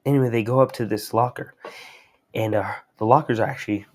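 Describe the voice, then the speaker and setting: Husky young man in a slangy recap. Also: on the low side, fairly even intonation, a little fast. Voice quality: slangy, rambling. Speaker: host. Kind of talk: casual comic recap.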